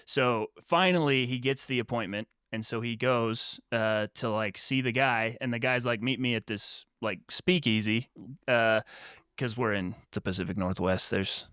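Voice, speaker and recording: A man's voice: medium pitch, measured pace, clean tone, dry recording, clean studio sound. A man co-hosting a book podcast, animatedly retelling a story and acting out what characters say. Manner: animated retelling with quoted voices. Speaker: podcast co-host. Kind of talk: casual book discussion.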